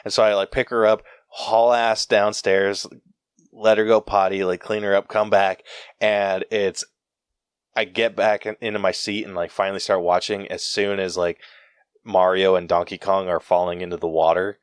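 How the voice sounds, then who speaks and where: A young man co-hosting a podcast, telling a laughing, animated anecdote in casual chat, full of fillers and restarts. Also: low voice, normal speed, clean tone, dry recording. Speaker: podcast co-host.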